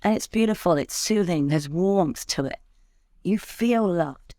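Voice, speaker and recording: An expressive woman speaking as a guest on a podcast, her voice sitting fairly low for a woman. She coaches public speakers and changes her tone freely to make a point. The sound is close and dry. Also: unhurried, dry recording. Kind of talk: conversational interview.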